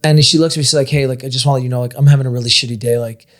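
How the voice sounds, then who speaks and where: Casting: young man, quick and animated storyteller, casual, swears freely. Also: mid-range voice. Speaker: podcast guest. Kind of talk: casual chat.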